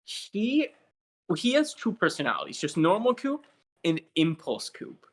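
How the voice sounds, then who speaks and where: A man's voice: high voice, wildly swooping pitch, a little slow. A young man co-hosting a podcast in casual chat, joking and teasing his friend. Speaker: podcast co-host.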